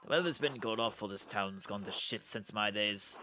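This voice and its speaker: A man voicing a superstitious, grumbling old male villager in a game, crude and gruff in his talk. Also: on the low side, normal speed, bright, forceful tone, slight background noise.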